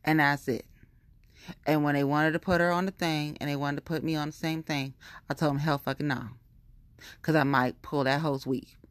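A woman rants in a heated, profane monologue, circling back to the same complaints again and again. Her voice sits low, and it is recorded close and dry with no room sound around it. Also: fairly even intonation, fairly quick, dry recording. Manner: profane, heated, repetitive venting. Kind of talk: casual ranting monologue.

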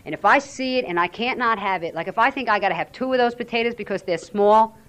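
A woman's voice: medium pitch, fast talker, a bit bright. A woman giving a frank, earnest personal share at a recovery fellowship weekend, talking candidly about her struggles. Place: weekend retreat venue.

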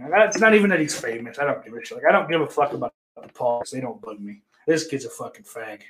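A man's voice: medium pitch, a little hiss or hum. A man hosting a livestream, chatting casually with his viewers in a rambling, profane, joking way. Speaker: livestream host. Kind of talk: casual chat to a live chat.

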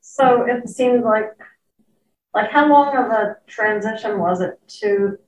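A woman in the audience asking a question hesitantly, with halting restarts. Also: a little high. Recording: distant, dull, roomy with faint background noise.

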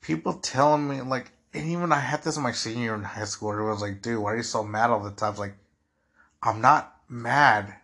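Husky young man rambling on a podcast. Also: medium pitch, steady tone, fast, hardly any pauses, a bit bright. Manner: rambling, repeats "dude" and "like" often. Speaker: podcast host. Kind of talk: casual monologue.

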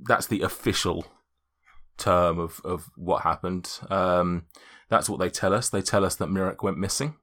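A man's voice: low voice, steady tone, normal speed, fairly bright tone. A man doing a flustered middle-aged farmer. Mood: matter-of-fact. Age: 50s. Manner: stumbling, repeats words, fumbles phrases.

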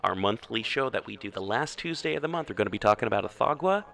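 A man's voice: fairly low pitch, expressive, quick pace, gravelly, fairly bright tone. A man hosting a podcast, who reads the sponsor ads in a rambling, offhand and chatty way. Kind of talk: casual ad read.

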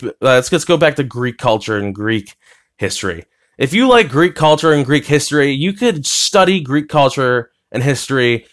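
A man's voice: medium pitch, fairly bright tone. A young man talking casually on his own podcast from his bedroom, rambling with plenty of fillers, restarts and swearing. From United States. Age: young adult. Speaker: podcast host. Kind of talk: rambling solo podcast talk.

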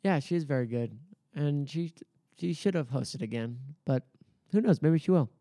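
A man's voice: fairly high pitch, animated, moderate pace, dark tone, no echo. A man co-hosting a podcast in casual chat, rambling with lots of fillers as he recaps comedy sketches in an amused way. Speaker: podcast co-host.

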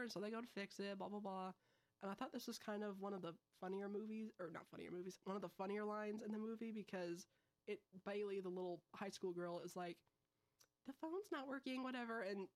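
A young woman hosts a casual podcast, telling a film's plot in a breezy, quick way. She tosses in slangy asides as she goes. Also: mid-range voice. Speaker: podcast host. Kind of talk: casual film review chat.

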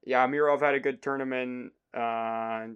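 A man's voice: mid-range voice, steady tone, moderate pace, a bit bright, smooth, lo-fi sound. A man hosting a podcast, talking loosely and joking, with fillers and the odd swear. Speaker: podcast host. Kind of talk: casual sports chat.

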